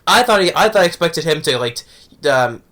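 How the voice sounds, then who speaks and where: A man's voice: fairly high pitch, expressive, a little fast, a bit bright. A man giving a casual, rambling review of an anime episode, often tagging on "right?".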